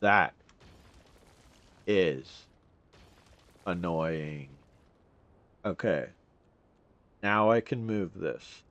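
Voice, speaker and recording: A man's voice: low-pitched, expressive, extremely slow, pauses often, fairly bright tone, highs cut off. A young man giving casual gameplay commentary, rambling and complaining in exasperation as he plays.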